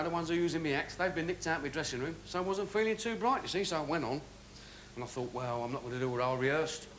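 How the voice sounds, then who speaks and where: A man's voice: sits high, fairly bright tone, slight background noise. A man impersonating a brash, cheeky old music-hall comedian, trading patter and singing snatches of songs.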